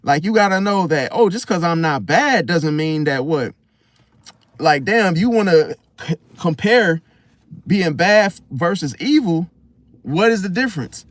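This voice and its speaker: Speaking a little slowly with lively intonation, a high-voiced man vlogs about astrology in a laid-back, sermonizing monologue full of slang and questions such as "See?" He's blunt and curses casually, and there's no room sound.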